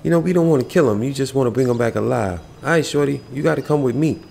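Male gamer, mid-pitched, gravelly and easygoing, slangy commentary with faint background noise. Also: quick pace, roomy sound. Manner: laid-back, slangy, talks to game characters. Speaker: video game streamer. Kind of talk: casual gameplay commentary.

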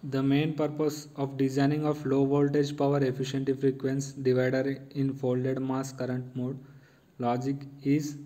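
A young man giving a halting technical presentation on a circuit design, pausing and restarting often. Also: mid-range voice, monotone, warm tone, rough recording. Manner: halting, with many pauses and restarts.

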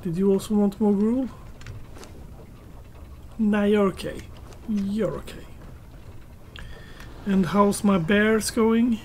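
A woman's voice: medium pitch, fairly even intonation, slow pace, pauses often, warm tone, a little hiss or hum. A woman giving casual gameplay commentary, muttering to herself and chatting to her tamed pets as she plays.

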